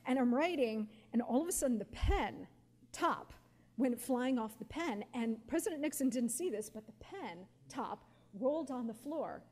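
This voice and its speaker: Her voice a little high and her pace moderate, this guest speaker in her forties shares stories at a live Q&A. She laughs often, stays animated, and fills her speech with casual fillers.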